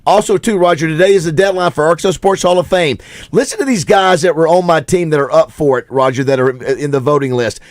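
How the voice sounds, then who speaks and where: A man's voice: a little high, fast, dry recording, studio quality. Chatty man on morning radio. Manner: rambling, laughing storyteller with fillers. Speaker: radio show co-host. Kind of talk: casual morning radio banter. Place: radio studio.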